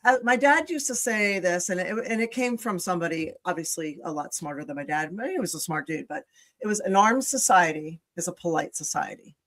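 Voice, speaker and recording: A woman's voice: on the low side, a little fast, a bit bright. A woman from the United States hosting a casual talk show, chatty and opinionated. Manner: chatty, opinionated, laughs easily. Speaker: show host. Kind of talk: casual chat.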